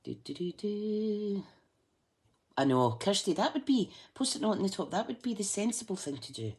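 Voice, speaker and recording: Quick and sing-song, a Scottish woman's mid-range, slightly mellow voice carries a casual live craft demonstration. She chats with viewers as she works, cracking jokes at her own expense.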